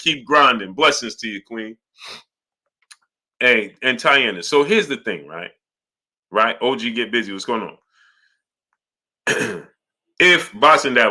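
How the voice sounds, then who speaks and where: A man hosting a live boxing talk stream, reading out super chats and arguing his point with repeated "right?" checks. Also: mid-range voice. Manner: animated, repetitive, asks "right?" often.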